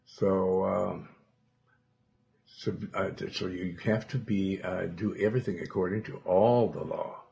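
A pastor preaches a sermon with a lowish, creaky voice, quoting scripture in old-fashioned wording. He breaks into sudden, loud, emphatic bursts.

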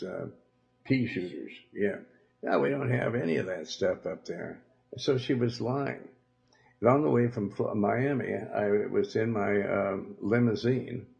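A man's voice: fairly low pitch, gravelly, a little mellow. A man with a Southern US accent who leads a church, telling a rambling story in a preachy, denouncing way with many fillers and asides. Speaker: church leader hosting a religious program. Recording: muffled lo-fi recording.

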